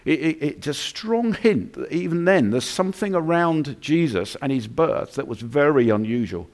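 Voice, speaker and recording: A man's voice: fairly high pitch, big pitch swings, moderate pace, hardly any pauses, darkish tone. A male pastor preaching a sermon in a chatty, conversational way, full of restarts and acted-out asides.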